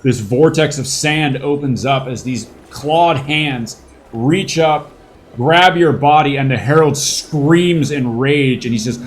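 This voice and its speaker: A man running a tabletop game, narrating slowly and loosely. He stumbles through fillers and restarts and drops in casual swearing. His voice sits at an ordinary middle pitch. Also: faint music behind. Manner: rambling, with many fillers and crude words. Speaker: game master.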